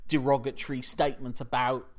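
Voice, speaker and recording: A man's voice: medium pitch, flat delivery, fairly quick. A man in casual chat, animatedly acting out scenes and swearing freely.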